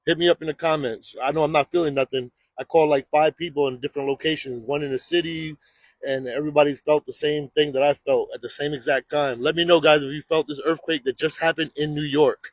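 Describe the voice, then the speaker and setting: A man with a fairly high voice, speaking in a laid-back way from inside his truck. The sound is dry and close. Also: steady tone, quick pace, no room sound. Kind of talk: casual vlog update.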